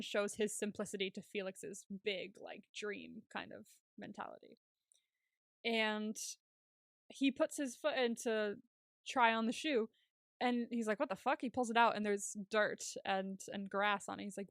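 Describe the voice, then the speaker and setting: On this podcast, a woman co-host casually recaps a TV episode, acting out the characters' lines in an animated retelling and laughing often. Her voice sits at medium pitch and her pace is moderate. The recording is studio quality with no echo.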